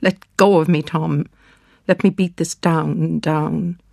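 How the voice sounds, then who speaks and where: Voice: medium pitch, fairly even intonation, slow pace, gravelly, a little mellow, no echo, studio quality. A reader voicing a bedridden mother who is frantic and accusing, then keening in despair, in a dramatic storybook reading. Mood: anguished.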